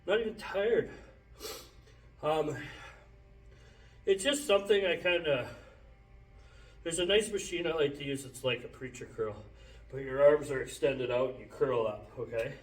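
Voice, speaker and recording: A man trains and talks in a gym, short of breath and rough-spoken. His voice sits slightly high for a man. The mic is well across a reverberant room, so he sounds distant. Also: a little slow, long pauses. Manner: breathless, coughing between sets, loose and profane. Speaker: fitness trainer. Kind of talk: casual gym workout talk.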